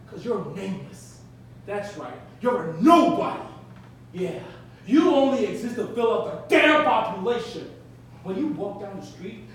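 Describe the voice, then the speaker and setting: A man's voice: high voice, slight background noise. A man on stage playing a ruthless male film producer who rants and threatens with open contempt, heard from far off in an echoey theatre. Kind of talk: solo stage performance.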